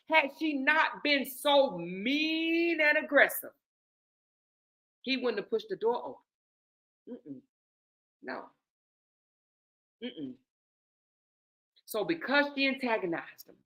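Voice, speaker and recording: Animated, sarcastic woman with a bright voice. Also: sits high, slow, pauses often. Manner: sarcastic, animated, casual slang. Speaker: vlog host. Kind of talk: sarcastic commentary.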